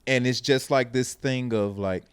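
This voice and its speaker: A man's voice: mid-range voice, measured pace, smooth, no room sound. A man hosting a podcast in casual chat, telling stories and acting out what people said. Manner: animated storyteller, acts out quotes. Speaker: podcast host.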